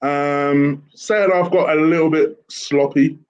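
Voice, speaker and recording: A man calmly giving his views in a football chat, pausing often with ums. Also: a little high, highs cut off. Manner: calm, measured, hesitant with ums. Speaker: football podcast co-host.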